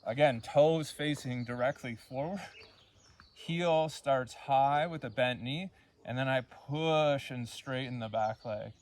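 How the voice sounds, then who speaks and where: Slow, calm male yoga instructor. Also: mid-range voice. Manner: calm, unhurried cueing with counted breaths. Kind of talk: guided yoga class instruction.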